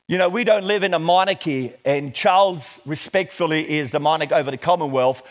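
A middle-aged man preaching a sermon, reading scripture slowly and with emphasis before explaining it. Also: on the high side. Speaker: pastor.

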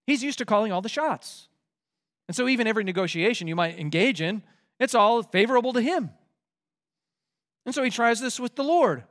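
High-ish guy preaching verse by verse, earnest, emphatic. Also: expressive, fairly quick, pauses often, fairly bright tone. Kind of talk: expository sermon.

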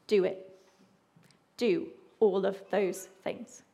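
A woman preaching a lively sermon, chatty and playful, joking with the congregation. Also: mid-range voice, drawn-out words, creaky. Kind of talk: lively sermon with audience activity.

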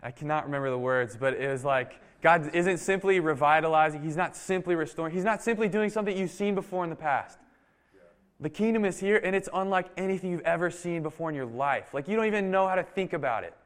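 A man's voice: on the high side, fast. Guy preaching a sermon, casual and chatty, lots of "like", acts out the people in his story. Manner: animated storytelling, acts out quoted dialogue; casual, frequent "like". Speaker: pastor.

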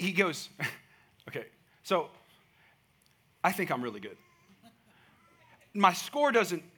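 A man preaching a sermon, telling a lively personal story and building to emphatic, rising points. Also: sits high. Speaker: pastor.

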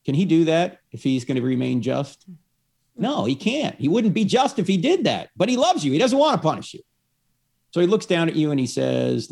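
A man's voice: mid-range voice, sing-song, normal speed, gravelly, darkish tone. A man explaining his faith to one listener through a story, acting out the lines of the people in it. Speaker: evangelist.

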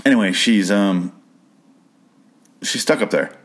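A man's voice: on the low side, a little slow. A man casually recapping a show's episode, profane and incredulous, prone to rambling rants.

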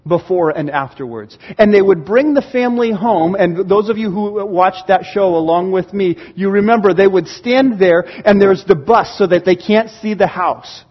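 A man preaching a sermon in church, telling stories with animated, excited reactions. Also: high-pitched, breathy edge, lo-fi sound. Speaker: pastor. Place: church sanctuary.

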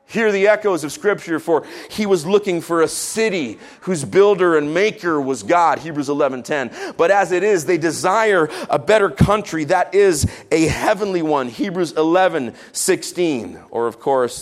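A man preaching a sermon, reading scripture with rising emphasis and dropping into casual, quiet asides. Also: a little high, lively intonation, normal speed, few pauses. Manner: casual asides with fillers between solemn readings.

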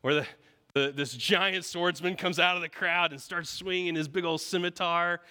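A man with a bright, forceful voice, pitched a touch high, preaches a sermon. He tells the story in vivid, dramatic strokes and keeps checking in with his listeners with a quick "right?". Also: steady tone, clean tone.

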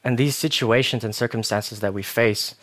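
A young man delivers a relaxed, conversational sermon in a voice of ordinary middle pitch. He tells stories with self-mocking humor and lively asides. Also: normal speed. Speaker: preacher. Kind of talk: casual sermon.

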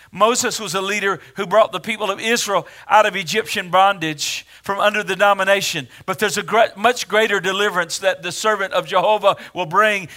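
A man's voice: sits high, sharp tone. A man preaching a sermon in an earnest way, rising to emphatic when he reads scripture aloud.

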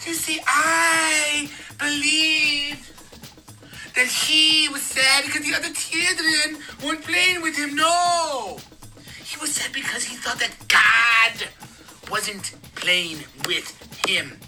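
A man playing a solemn male priest delivering a rambling mock sermon, recorded from a distance with faint music behind. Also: extremely high pitch. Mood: tearful. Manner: slow, rambling, grows tearful and shouting.

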